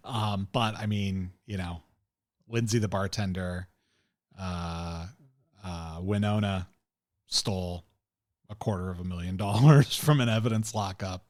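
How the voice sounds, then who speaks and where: A man's voice: on the low side, steady tone, a little slow, no room sound. A man co-hosting a podcast, recapping a TV episode in casual chat, rambling and opinionated with lots of fillers and chuckles. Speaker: podcast co-host.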